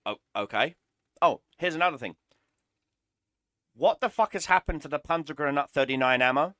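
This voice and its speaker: A man's voice: a little high, animated, normal speed, bright, forceful tone, no room sound, studio quality. A man streaming a game, ranting in an exasperated, sarcastic way and swearing often. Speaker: gaming streamer. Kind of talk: ranting gameplay commentary.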